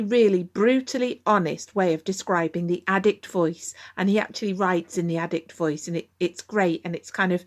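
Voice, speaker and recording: A middle-aged woman with a candid, conversational manner, talking to listeners as the host of a recovery podcast. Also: fairly low pitch. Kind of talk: podcast monologue.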